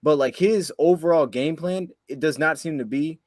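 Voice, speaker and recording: A man's voice: on the high side, moderate pace, a little mellow, dry recording. A man co-hosting a sports podcast, ranting heatedly after a game and firing off frustrated rhetorical questions. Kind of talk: heated post-game rant.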